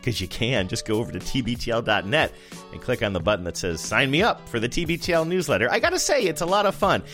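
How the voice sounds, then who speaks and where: Animated male podcast co-host. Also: mid-range voice, fast, soft background music. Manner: animated, rambling. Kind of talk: casual chat.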